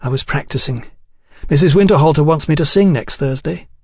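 A man voicing a sharp-tongued young woman singer who answers warily and questions pointedly. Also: a little high, a little fast, husky, dry recording, clean studio sound, voice pushed up. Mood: wary. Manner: tart, questioning.

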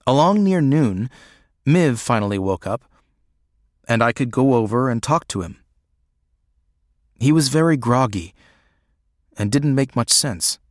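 Man, audiobook narration, measured and even, very unhurried, dry close sound. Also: medium pitch, no room sound.

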